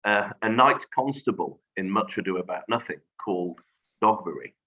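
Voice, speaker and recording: A man speaking as a guest in a reflective conversation, measured and thoughtful, pausing on fillers. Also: on the low side, lively intonation. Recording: dull lo-fi audio.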